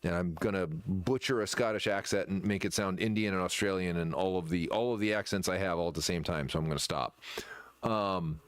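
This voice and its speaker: Man chatting casually, halting and rambling. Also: sits low, clear, resonant tone, no echo. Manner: rambling, halting with many fillers and restarts. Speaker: shop owner presenting merchandise. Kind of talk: casual chat.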